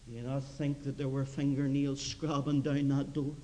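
A man preaching a revival mission sermon, swinging between hushed low asides and loud, impassioned shouting. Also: monotone, normal speed, long reverb tail, low-quality recording.

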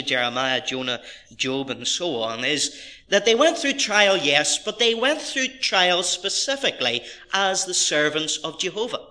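A man's voice: high voice, pushed and bright. A middle-aged man preaching a sermon as pastor, reading scripture and stressing key phrases with earnest, rising emphasis.

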